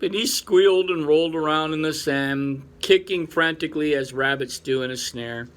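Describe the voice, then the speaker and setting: A man reading a classic animal story aloud in an unhurried, lively way. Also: on the high side. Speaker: reader.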